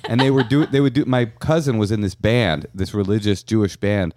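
A man co-hosting a comedy advice podcast, telling stories in a joking, animated way. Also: fairly low pitch, brisk, hardly any pauses, no echo, studio quality. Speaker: podcast co-host. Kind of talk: casual comedic advice chat.

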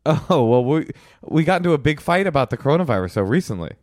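A man with a slightly high voice co-hosts a podcast, talking quickly in clean, echo-free studio audio. In casual chat he argues playfully and animatedly with his wife, sometimes doing mocking impressions of her.

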